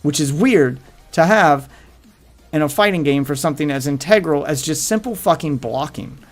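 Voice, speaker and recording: A man's voice: a little high, animated, moderate pace. A man hosting his livestream, telling crude rambling stories in casual chat with faint music behind him. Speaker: livestream host.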